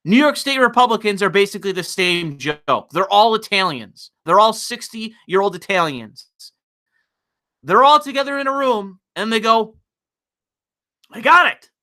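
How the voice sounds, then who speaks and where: A man giving an exasperated, profanity-laden political rant on a livestream. His voice swings up and down all the time, with a bright, sharp edge, and he keeps repeating himself and restarting mid-sentence. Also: high-pitched, lively intonation, normal speed. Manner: repeats words and restarts when worked up. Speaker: political commentator.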